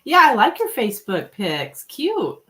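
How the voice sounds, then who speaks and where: Woman, tarot reader on a home livestream; casual, chatty, quick to laugh, mid-pitched. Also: animated, rough recording. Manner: chatty, laughs often, reads viewer names aloud. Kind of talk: casual live-stream chat with viewers.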